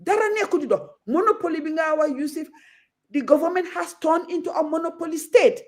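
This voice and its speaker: A woman's voice: very high voice, brisk, a little mellow. A Gambian woman talking as a guest on a talk show, outspoken and passionate, moving freely between Wolof and English.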